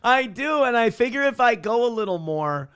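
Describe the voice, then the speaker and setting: A man's voice: very high-pitched, expressive, normal speed, a bit bright, clean tone, no echo. A man co-hosting a casual morning show, cracking jokes and reading viewer donations aloud. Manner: wisecracking, reads chat messages aloud.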